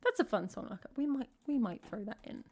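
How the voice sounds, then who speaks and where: A woman's voice: fairly high pitch, big pitch swings, a little fast, darkish tone. An English woman from England, a singer-songwriter chatting casually between songs on her live stream, rambling and full of "like" fillers.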